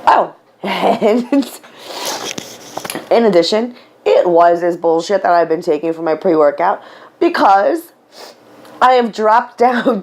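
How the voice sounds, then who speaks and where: A woman's voice: fairly low pitch, darkish tone, a little hiss or hum. A woman vlogging to camera at home as a stay-at-home mother, talking candidly and rambling with fillers and casual swearing, tearful at times. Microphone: camera mic.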